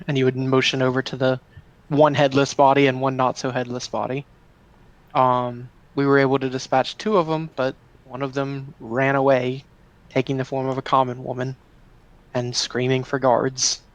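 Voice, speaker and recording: A man playing a tabletop game, describing his character's account in a halting way with many fillers. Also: mid-range voice, flat delivery, low-quality recording. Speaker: player.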